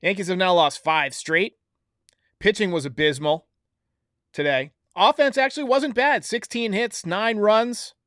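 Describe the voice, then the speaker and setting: A man's voice: high-pitched, a little slow, bright, forceful tone, dry recording, studio quality. A man hosting a baseball recap show, giving blunt, opinionated commentary straight to his viewers. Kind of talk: solo sports recap commentary.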